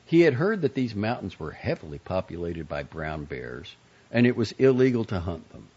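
Husky low-voiced man reading aloud. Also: sing-song, normal speed, a little mellow. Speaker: reader of magazine pieces. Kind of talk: scripted narration of fiction and an essay. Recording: dull lo-fi recording.

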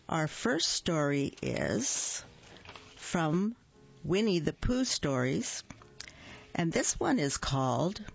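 A woman reading a children's story aloud on a radio reading program, gentle and unhurried, singing the little hums. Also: on the low side, slightly rough, dry recording, highs cut off.

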